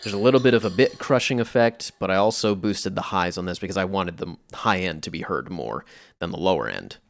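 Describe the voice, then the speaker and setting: A man casually explaining how he recorded and processed sounds for a music piece, in a relaxed way with a few fillers. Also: sits low, a little fast, gravelly. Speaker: music producer. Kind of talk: casual tutorial narration.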